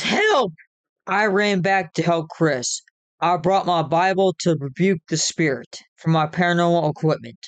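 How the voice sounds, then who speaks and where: A man narrating his own ghost story in the first person, in a plain, measured way. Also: a little high, no room sound.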